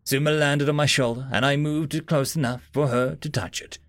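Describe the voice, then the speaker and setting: A man narrating a story in the first person in an expressive, dramatic way. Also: on the high side, fairly quick, dry recording. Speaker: audiobook narrator.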